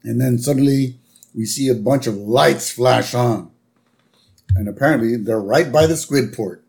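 A man's voice: a little slow, creaky. A man co-hosting a casual podcast, retelling a cartoon episode scene by scene. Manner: narrates scenes step by step, with lively pitch. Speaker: podcast co-host. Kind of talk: casual episode recap chat.

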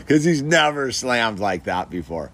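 A man's voice: medium pitch, sing-song, unhurried, a bit bright, slight background noise. A man casually telling an anecdote, chatty, laughing often and full of filler words. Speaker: storyteller.

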